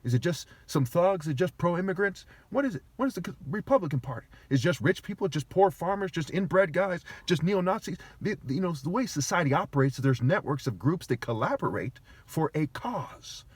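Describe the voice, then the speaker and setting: A man's voice: a little high, sing-song, brisk, few pauses, husky, dry recording. A man talking straight to the camera in an agitated, argumentative rant, swearing heavily and sounding aggrieved. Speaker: vlogger. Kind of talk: agitated ranting monologue.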